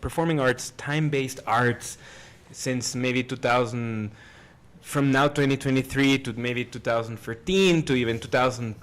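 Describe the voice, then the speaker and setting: A man moderating a panel, asking a long, hesitant question full of restarts. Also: medium pitch.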